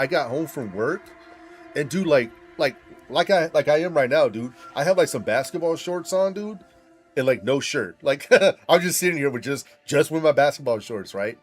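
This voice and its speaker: Pitch: highish. Profane, laughing young man. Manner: profane, rambling, laughs often. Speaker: gamer streaming with friends. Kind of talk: casual storytelling chat.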